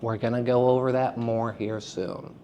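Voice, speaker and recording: A man giving a lecture to students, energetic and checking in with frequent "right?" and "okay?", repeating example sentences to demonstrate. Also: mid-range voice, normal speed, dull audio, a little hiss or hum. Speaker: theater lecturer.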